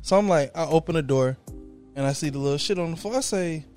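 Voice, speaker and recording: A man's voice: fairly high pitch, fast, a little mellow, soft background music. A young man on a podcast, casually telling a story and acting out his own profane reactions. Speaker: podcast co-host.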